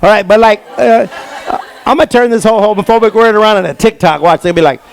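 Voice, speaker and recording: A man doing a stand-up comedy set on stage, telling stories with lively quoted voices. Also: high-pitched, quick pace, gravelly, a little hiss or hum. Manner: animated storytelling with quoted voices. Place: comedy stage before a live audience.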